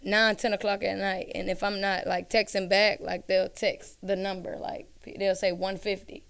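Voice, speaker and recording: A woman's voice: mid-range voice, normal speed, vocal fry, smooth. A young woman barber, telling stories in casual conversation and acting out her clients' lines. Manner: animated storytelling, acts out clients' lines.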